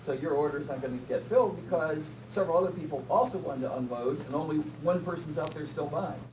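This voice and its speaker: A man's voice: fairly high pitch, quick pace, a little mellow, roomy sound, distant mic, a little hiss or hum, rough recording. A man in a trading class, a student restating the lesson in his own words.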